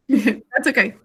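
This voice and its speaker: A woman teaching a class over a video call, encouraging and sounding out words slowly. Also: high voice, a bit bright, breathy edge.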